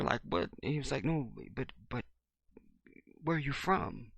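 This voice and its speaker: A man, talking to his viewers in an animated monologue and acting out the voices of the people in his stories. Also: medium pitch, moderate pace, creaky, pauses often, no echo. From Chicago, USA. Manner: animated storyteller, acts out dialogue, swings loud and soft. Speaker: video blogger. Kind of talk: casual monologue to camera.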